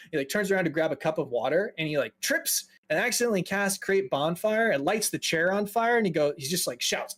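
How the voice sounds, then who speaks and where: Lively man narrating a tabletop game. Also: high-pitched, a little fast, hardly any pauses. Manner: casual, filler-heavy narration. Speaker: dungeon master.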